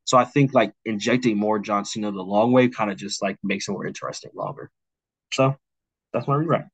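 A man's voice: fairly low pitch, expressive, husky, dry recording, poor audio. A young man co-hosting a podcast, recapping a storyline in a rambling casual way with lots of fillers. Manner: mimics wrestlers' lines in quick asides. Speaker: podcast co-host. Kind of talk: casual chat, pitching a storyline rewrite.

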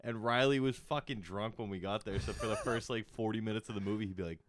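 A man in his twenties co-hosting a podcast, throwing in crude jokes and sharp jabs at his friends. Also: fairly low pitch, quick pace, no echo, clean studio sound. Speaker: podcast co-host. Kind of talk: casual chat.

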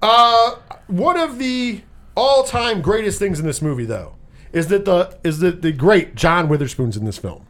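A man hosting a casual movie review chat, talking in an animated, profane way and acting out scenes in quick put-on voices. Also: on the high side. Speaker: podcast host.

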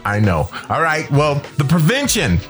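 Animated, high-pitched male radio DJ. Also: normal speed, faint music behind. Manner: rambling, joking, repeats himself. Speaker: radio DJ host. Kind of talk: casual radio chat between songs.

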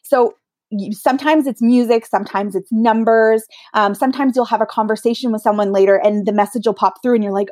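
Woman, medium, casual storytelling, animated, dry close sound. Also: on the high side, brisk, no room sound. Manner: animated, acts out quoted voices. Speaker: medium, guest.

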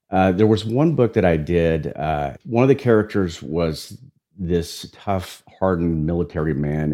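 A man who narrates audiobooks, with a deep, raspy voice, chatting in an easygoing, talkative way. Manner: relaxed, talkative, with restarts. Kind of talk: conversational interview.

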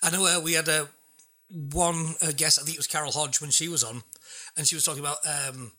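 A man's voice: a little high, steady tone, brisk, pushed and bright. A man hosting a podcast interview, chatty and playful, laughing easily. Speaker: podcast host. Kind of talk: casual interview chat.

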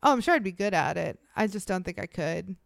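A woman's voice: mid-range voice, lively intonation, a little fast, creaky, no room sound, studio quality. A young woman co-hosting a casual podcast, talking bluntly and animatedly with frequent swearing. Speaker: podcast co-host. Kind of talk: casual chat.

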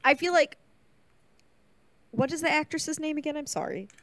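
A woman co-hosting a casual movie chat, chiming in with wry, quick quips and agreement. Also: high-pitched, fairly bright tone. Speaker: podcast co-host.

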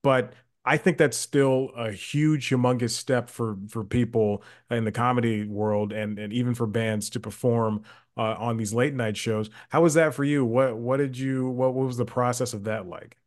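A man hosting a podcast, asking relaxed questions in a casual interview and laughing along. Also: mid-range voice, normal speed. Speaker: podcast host.

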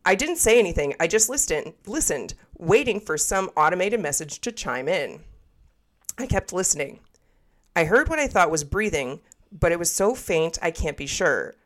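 A woman's voice: fairly low pitch, big pitch swings, normal speed, fairly bright tone. A woman podcast co-host in casual chat, reading a scary story aloud with laughs and asides.

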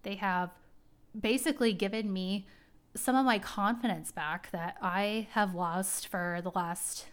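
Woman host, casual rambling chat, heartfelt and talkative, mid-pitched. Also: a little slow, smooth. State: tearing up. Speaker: podcast host. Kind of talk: casual personal talk.

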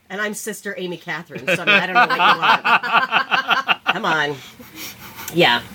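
A woman's voice: on the low side, moderate pace, crowd noise. A woman co-hosting a casual movie review podcast, swearing often and laughing a lot. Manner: profane, laughing, animated. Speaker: podcast co-host.

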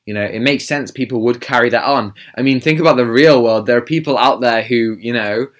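A man's voice: medium pitch, brisk. A man co-hosting a podcast in casual chat, explaining his views at length with some fillers. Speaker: podcast co-host.

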